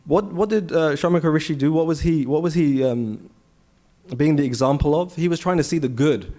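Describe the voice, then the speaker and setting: A man giving a conversational scripture class at a temple, telling the story with rhetorical questions and animated asides. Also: a little high, fairly quick. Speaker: temple speaker. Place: temple hall.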